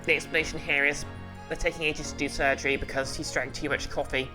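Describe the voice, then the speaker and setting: A woman's voice: low-pitched, level tone, fast talker, poor audio. A woman streaming a game, chatting casually in a joking, self-deprecating way. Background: game music.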